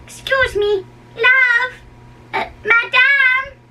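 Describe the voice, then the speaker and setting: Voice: very high-pitched, steady tone, very slow, pushed and bright, full character voice. A young performer reading the part of a chatty, teasing old nurse in a play, recorded from a distance with a faint hum. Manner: bawdy and teasing, then wailing.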